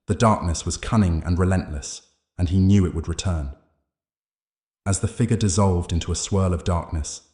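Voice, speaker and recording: A man reading a horror story aloud as scripted narration, measured and dramatic. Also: sits low, a little mellow. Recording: roomy echo.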